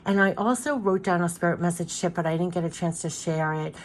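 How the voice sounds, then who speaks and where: A middle-aged woman talks through a spiritual card reading in a loose, chatty way, full of ums and likes. Her voice sits a little low for a woman. She rambles and circles back as she goes. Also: steady tone, brisk. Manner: chatty, rambling, many fillers and "like".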